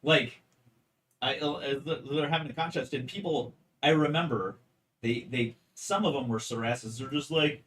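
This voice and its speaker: A man co-hosting a board game stream, telling animated stories in casual chat, acting out quotes, laughing and swearing freely. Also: medium pitch, moderate pace, far from the mic, low-quality recording.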